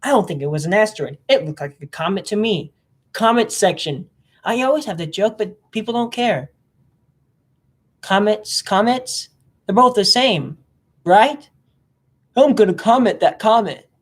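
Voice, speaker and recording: A vlogger talking in a casual, rambling monologue, hopping between topics, the voice jumping up in pitch when excited. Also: normal speed. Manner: mimics other people in silly voices.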